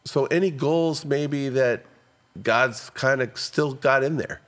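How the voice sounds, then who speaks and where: A man's voice: medium pitch, slow pace, a bit bright. A man in his fifties hosting a casual interview podcast, asking questions and making self-deprecating jokes. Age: 50s. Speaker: podcast host.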